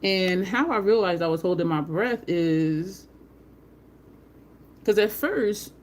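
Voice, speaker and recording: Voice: mid-range voice, takes it slowly, a little hiss or hum. Chatty rambling makeup vlogger. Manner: chatty, rambling storyteller with frequent laughs; greets live viewers by name. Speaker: makeup tutorial host. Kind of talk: casual chat while doing makeup.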